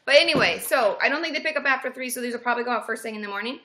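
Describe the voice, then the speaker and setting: A woman's voice: fairly high pitch, very fast, sharp tone. A woman in her thirties, a therapist hosting a casual livestream, bubbly and cheering viewers on with woos and yays.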